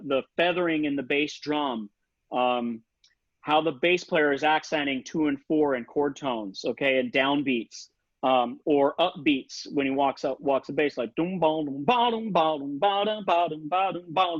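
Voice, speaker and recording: A man's voice: on the high side, no echo. A man teaching saxophone in an online lesson, casual and chatty, singing rhythms and articulations with scat syllables over a video call. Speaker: saxophone instructor. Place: home setup for a virtual session. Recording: dull lo-fi video call audio.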